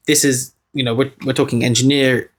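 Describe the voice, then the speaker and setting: A man co-hosting a podcast, telling a story in animated casual chat and acting out the people he quotes. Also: mid-range voice, brisk. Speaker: podcast co-host.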